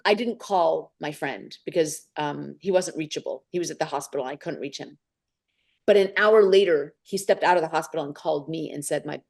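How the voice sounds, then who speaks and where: Woman, podcast guest, animated storytelling, lower pitch. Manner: animated, acts out quoted voices.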